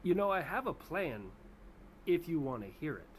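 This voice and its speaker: A man's voice: a little high, very animated, moderate pace, a little hiss or hum. A man voicing America personified as a brash, cocky male who talks crudely.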